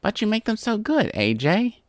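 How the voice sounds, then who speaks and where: A man's voice: medium pitch, sing-song, normal speed, no room sound, studio quality. A man voicing a brash tomboyish young female pegasus pony who coaxes and pleads, from a storybook reading. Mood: pleading. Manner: cocky, pleading, wheedling.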